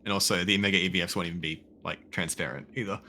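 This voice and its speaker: A man with a very low voice but a bright, forceful edge to it, chatting in a gaming voice call. He thinks out loud, rambles a little and swears casually. The talk is relaxed and conversational. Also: fast, a little hiss or hum. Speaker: game player. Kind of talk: casual voice chat while gaming.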